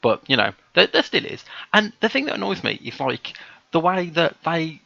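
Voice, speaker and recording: A British man hosting a live stream, chatting casually and bantering with dry, deadpan jokes. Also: a little high, normal speed, vocal fry, lo-fi sound. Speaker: streamer host. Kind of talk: casual chat.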